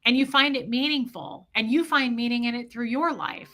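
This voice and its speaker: A woman hosting a livestream, talking emotionally to her viewers and swinging between yelling and quiet reflection. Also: on the high side, normal speed. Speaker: livestream host.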